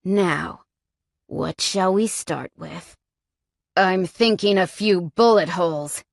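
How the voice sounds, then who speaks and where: A woman voicing a sadistic, taunting male captor in an audiobook, speaking in low, slow, menacing tones. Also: vocal fry, dry recording, studio quality.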